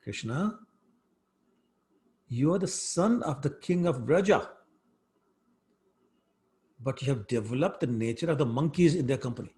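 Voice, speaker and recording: A man's voice: medium pitch, expressive, measured pace, long pauses, warm tone, lightly acted. A man doing a stern, scolding mother. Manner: scolding, firm. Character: stern, exasperated young mother.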